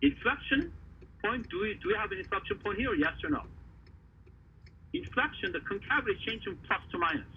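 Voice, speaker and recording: A man teaching a math lesson, talking haltingly with many fillers and quizzing the class. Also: high-pitched, lively intonation, distant mic. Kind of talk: classroom lecture at a board. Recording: faraway voice over a tinny, noisy line.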